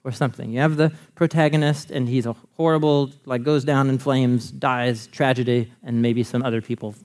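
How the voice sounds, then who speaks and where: A man preaching a sermon in a loose, conversational way, animated and laughing often. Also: medium pitch, normal speed. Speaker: pastor.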